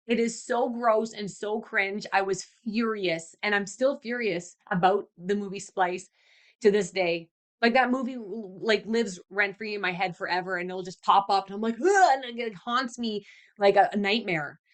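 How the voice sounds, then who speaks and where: A woman's voice: medium pitch, moderate pace. A young woman hosting a podcast, chatting casually and ranting with exasperation, often slipping into mocking put-on voices. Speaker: podcast host. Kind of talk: casual solo podcast chat.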